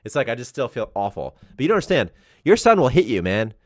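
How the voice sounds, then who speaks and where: A man in his thirties chatting casually on a live development stream, telling rambling, animated stories and laughing often. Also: medium pitch, quick pace, dry recording, clean studio sound. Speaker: game developer co-hosting a dev stream.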